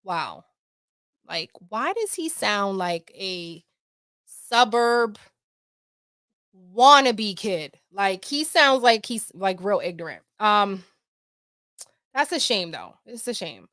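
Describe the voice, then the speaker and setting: A woman's voice: mid-range voice, lively intonation, slow, pauses often, a bit bright, no echo, studio quality. A woman hosting casual commentary, talking bluntly and chattily with plenty of swearing. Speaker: commentary host. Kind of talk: casual commentary reading allegations.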